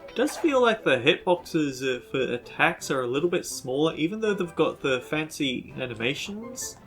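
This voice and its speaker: A man with a fairly high voice gives casual commentary over his gameplay, musing and hesitating as he talks. Faint game music runs beneath his voice. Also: very animated, moderate pace. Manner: chatty, musing, with frequent hesitations. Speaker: let's play host.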